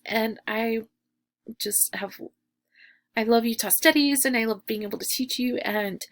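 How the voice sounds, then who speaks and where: A young adult woman teacher, talking casually to her class in a recorded message, with lots of fillers and warmth toward her students. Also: mid-range voice, vocal fry. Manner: chatty, filler-heavy and affectionate.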